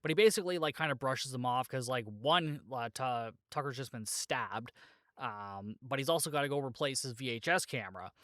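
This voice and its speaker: A male podcast host with a medium-pitched, slightly bright voice speaks at normal speed in a clean, echo-free studio recording. He casually rambles through a movie plot, leaning heavily on fillers like "like" and laughing at his own joking asides.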